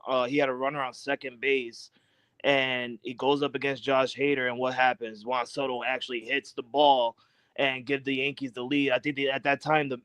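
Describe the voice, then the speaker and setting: A man co-hosting a casual sports talk show, emphatic and trash-talking, getting loud when he gets excited. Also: medium pitch, clean tone, no echo, low-quality recording.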